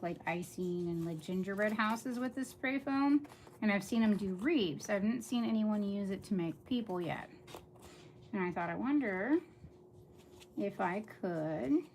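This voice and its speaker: A woman's voice: mid-range voice, darkish tone, slight background noise. A middle-aged woman chatting casually to viewers on a livestream while she crafts, rambling from one thought to the next.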